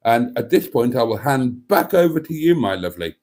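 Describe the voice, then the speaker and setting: A man's voice: mid-range voice, big pitch swings, brisk, a little mellow. A man hosting a casual livestream, reading comments and teasing with dry quips. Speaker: livestream host.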